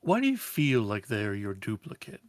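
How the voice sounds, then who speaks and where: A man's voice: on the low side, wildly swooping pitch, normal speed, a little mellow, no echo. Tentative male player, dry mic. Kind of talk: casual tabletop play.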